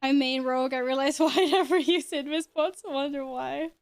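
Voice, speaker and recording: A woman's voice: high voice, fairly even intonation, fairly quick, no room sound. A woman live streaming, chatting casually and playfully while gaming, teasing viewers and laughing often. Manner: chatty, greets viewers and jokes with them.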